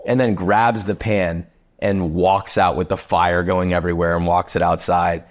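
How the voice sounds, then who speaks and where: A chef telling a kitchen story in casual, animated talk, swearing freely and using lots of fillers. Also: male voice, deep voice, moderate pace.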